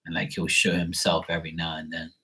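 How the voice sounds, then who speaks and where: A man's voice: low-pitched, completely flat delivery, fast, bright, forceful tone, breathy edge, rough recording. A man reading tarot on a livestream from home, telling rambling stories in a casual way and swearing freely. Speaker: psychic tarot reader.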